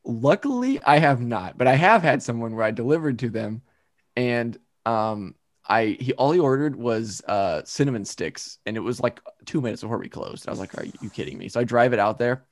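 A young man co-hosting a podcast tells stories animatedly and laughs a lot in casual chat. His voice sits in the mid-range at a moderate pace, recorded at studio quality with no room sound.

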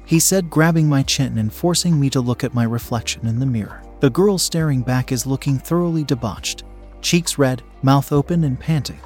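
A man calmly narrating a first-person story in an even reading voice, at times hushed. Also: medium pitch, normal speed, faint music behind.

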